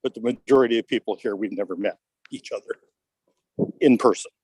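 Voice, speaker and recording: A man's voice: on the low side, brisk, darkish tone, husky, no room sound. Wry Canadian man, dry sound. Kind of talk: casual group chat.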